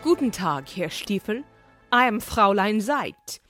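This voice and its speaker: A woman's voice: mid-range voice, very animated, a little slow, music in the background. A woman playing a stern female Nazi job interviewer in a comedy sketch, with a put-on German accent and a clipped, officious manner. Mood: haughty, officious.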